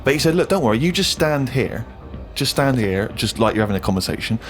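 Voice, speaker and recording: A man's voice: medium pitch, animated, fast talker, faint music behind. A man on a podcast, telling a self-deprecating comic story full of hesitant fillers. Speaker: podcast co-host.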